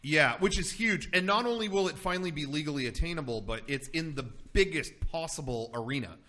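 Bright-voiced man telling stories. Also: fairly high pitch, fairly quick. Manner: animated, profane storytelling. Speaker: podcast host. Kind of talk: casual chat.

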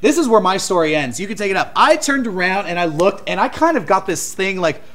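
A man tells a rowdy story in casual conversation, his voice sitting high and swinging widely in pitch. He swears freely and slips into quick impressions of the people he describes. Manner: animated, swears often, acts out quotes.

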